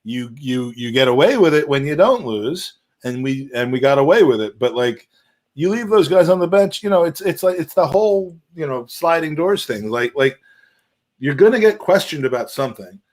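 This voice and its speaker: A man's voice: on the high side, lively intonation, moderate pace, a little mellow. A man co-hosting a casual football chat, rambling and thinking aloud with restarts.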